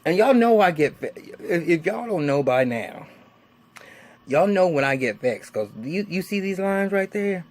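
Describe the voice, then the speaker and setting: A man in his forties giving a casual, excitable, heavily cursing recap of a TV episode. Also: high-pitched, measured pace. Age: 40s. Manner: excitable, heavily cursing, acts out characters' lines. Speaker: TV episode reviewer.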